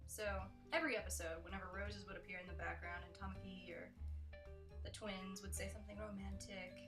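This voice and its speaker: A woman's voice: medium pitch, level tone, a little fast, far from the mic. A young woman doing a sarcastic comic countdown monologue, slipping in mocking impressions. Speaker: comedy vlogger. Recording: echoey room with faint music.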